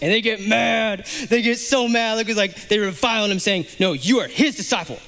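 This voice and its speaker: A man pastor preaching a sermon, animated, acting out the characters of a scripture passage in quick asides. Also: high-pitched, gravelly, long reverb tail, soft background music.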